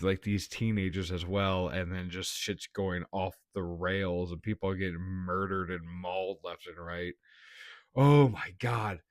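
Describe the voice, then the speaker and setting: Low-voiced guy ranting about a bad horror movie, slow and blunt, dry close mic. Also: dry recording. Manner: blunt, laughs often, swears. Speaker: movie reviewer. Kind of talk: casual spoken review.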